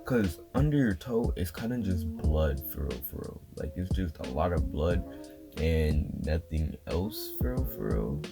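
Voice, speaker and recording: A young man casually telling a childhood story as a vlogger, with slangy, animated phrasing and lots of fillers. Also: a bass voice, measured pace, vocal fry. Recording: guitar music playing underneath.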